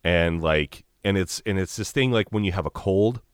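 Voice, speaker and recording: A man's voice: low voice, normal speed, clean tone, dry recording, clean studio sound. A man chatting as a podcast guest over a video call, rambling with many fillers and a joking tone. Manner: rambling, lots of fillers, jokey. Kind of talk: casual chat.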